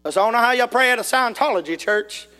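High, bright-voiced shouting preacher man. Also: quick pace. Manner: folksy, animated, rises to shouting. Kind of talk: sermon storytelling. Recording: echoey hall reverb.

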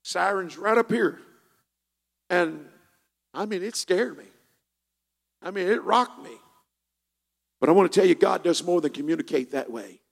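A man preaching a sermon as pastor of a church, moving between quiet storytelling and shouted, half-sung passages. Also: high voice, unhurried, gravelly, pauses often. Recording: long reverb of a church hall.

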